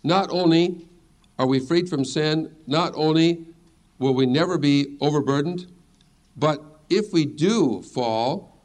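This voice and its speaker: Earnest man teaching a sermon. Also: mid-range voice. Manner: earnest, reassuring, reads verses aloud. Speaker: pastor teaching scripture.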